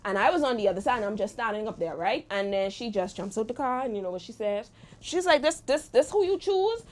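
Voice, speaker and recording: A young adult woman hosting a show, telling a personal story in a lively, animated way. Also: mid-range voice, fast talker. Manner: lively, animated retelling with exclamations. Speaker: host. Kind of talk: storytime monologue.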